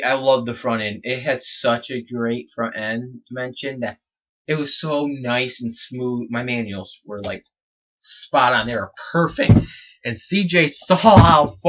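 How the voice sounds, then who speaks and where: A man's voice: medium pitch, fairly bright tone. Young man rambling about his bikes, lo-fi. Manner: rambling, restarts sentences, quotes friends. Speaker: BMX rider vlogger. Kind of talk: casual storytelling. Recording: dull lo-fi sound.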